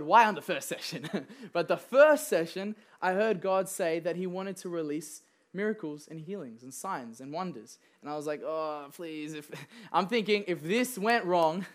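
With a high voice and an easygoing, friendly manner, a young man preaches a sermon that feels like casual conversation. His stories ramble loosely, dotted with fillers and quick laughs.

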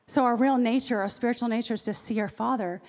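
A woman's voice: fairly high pitch, steady tone, fast, a little mellow. A woman preacher giving a sermon in a conversational way, with personal asides. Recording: long reverb of a large hall.

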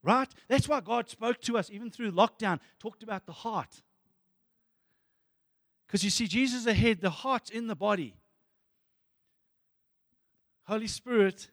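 A man preaching a sermon as pastor, animated and excitable, dropping to soft asides at times. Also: high-pitched, no echo, clean studio sound, big-room sound.

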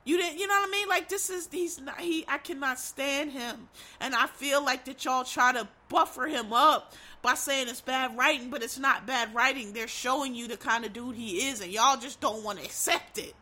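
A woman's voice: high voice, moderate pace, sharp tone. A middle-aged woman giving a blunt, profane, emphatic rant about a TV show. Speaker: TV show commentator. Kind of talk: casual commentary rant.

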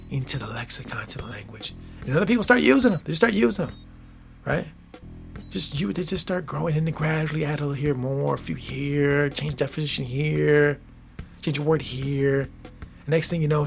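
A man's voice: a little high, vocal fry. A man in his forties hosting a solo podcast, musing casually and thinking aloud, often tossing in "right?" and "I don't know.". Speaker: podcast host.

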